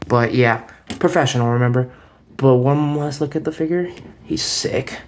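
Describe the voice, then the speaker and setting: Filmed by a camera resting on a table in a room at home, a man reviews a toy in a loose, talkative way, frequently starting his sentences over. His voice is mid-range and his pace moderate.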